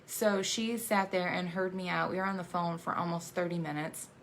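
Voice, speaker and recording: An adoptive mother in her thirties shares a personal story, her words halting and full of restarts as she fights back emotion. Her voice sits low and flat, with a gravelly fry. A faint hiss runs underneath. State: emotional, choking up.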